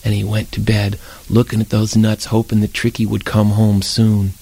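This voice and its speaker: A man telling a children's story aloud with lively, animated narration. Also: lowish voice, moderate pace, vocal fry, breathy edge.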